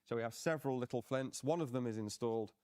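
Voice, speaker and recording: A man, a museum curator, explaining objects in a relaxed, hesitant way. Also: medium pitch, quick pace. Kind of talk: informal museum talk.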